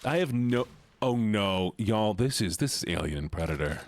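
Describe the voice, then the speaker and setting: A man's voice: lowish voice, lively intonation, moderate pace. A young man streaming a game live, chatting casually and playfully, laughing often and yelping at jump scares. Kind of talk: casual live-stream commentary while gaming.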